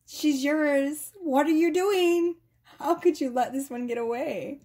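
A woman voicing an exasperated spirit guide who bluntly scolds a listener in a loud, teasing tone. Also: high voice, measured pace. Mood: exasperated scolding.

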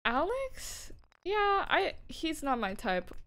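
A woman with a fairly high voice chats casually while streaming a game. She sounds tired and low on energy, yet keeps teasing her friend and breaking into quick laughs. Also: animated, a bit bright. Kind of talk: casual gaming chat.

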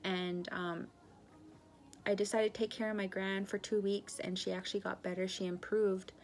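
A woman of about 30 from northern British Columbia, Canada, giving an earnest personal testimony, halting and full of pauses and fillers. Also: medium pitch, level tone, faint music behind. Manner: earnest, confessional storytelling.

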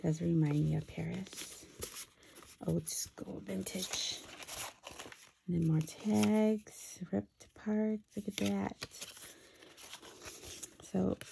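A woman chatting excitedly while unboxing a craft swap package, with self-deprecating asides. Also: lowish voice, slow, gravelly, long pauses, a little hiss or hum. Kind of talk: casual unboxing commentary. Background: paper crinkling and clicks.

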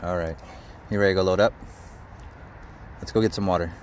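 Man, dog trainer, outdoor vlog; low voice, coaxing and explanatory, faint background noise. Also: steady tone, fairly quick. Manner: coaxing, praising the dog often, explaining as he goes. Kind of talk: casual narration while training a dog outdoors. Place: outdoors at a park.

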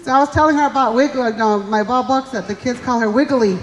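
High-voiced woman doing stand-up. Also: quick pace, slight background noise. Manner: chatty storytelling, self-mocking, acts out voices. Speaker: comedian. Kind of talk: live stand-up comedy. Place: stage at a community fundraiser show. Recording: live hall reverb.

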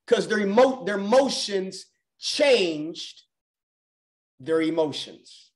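A man's voice: high voice, expressive, takes it slowly. A man coaching on a mindset call, talking emphatically and repeating key phrases for effect. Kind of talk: motivational call talk.

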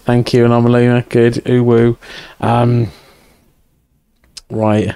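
A man's voice: mid-range voice, completely flat delivery, slow, dark tone, smooth, dry recording. A man streaming a video game live, chatting and joking with viewers and swearing often. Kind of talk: casual live-stream chat while playing.

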